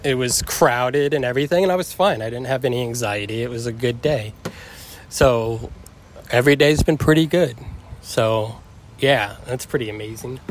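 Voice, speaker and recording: A man's voice: medium pitch, normal speed, a little hiss or hum. Laid-back man with a slight cough. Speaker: podcast co-host. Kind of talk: casual chat.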